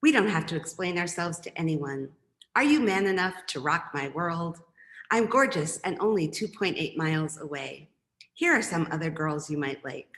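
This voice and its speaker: A woman's voice: low voice, a bit bright, roomy sound. A woman poet reading her poems, with chatty, rambling asides between them. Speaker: poet and professor. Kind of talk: poetry reading with casual asides.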